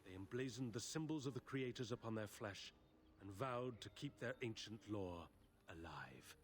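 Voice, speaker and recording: An actor playing an elderly male elf elder in a video game, telling his people's history in a grave, measured, formal way. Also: lowish voice, expressive, a little hiss or hum, close to an everyday voice. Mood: solemn.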